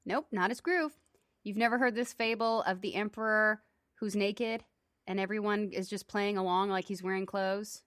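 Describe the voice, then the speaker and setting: A woman's voice: medium pitch, steady tone, moderate pace, fairly bright tone, no room sound, studio quality. A woman co-hosting a casual food podcast, wry and teasing with mock-dramatic jokes. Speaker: podcast co-host. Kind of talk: casual chat.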